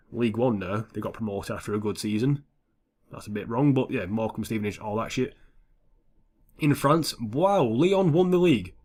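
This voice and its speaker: Sweary young man commentating a game. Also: medium pitch. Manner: blunt, sweary and offhand. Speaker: gaming YouTuber. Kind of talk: casual gameplay commentary.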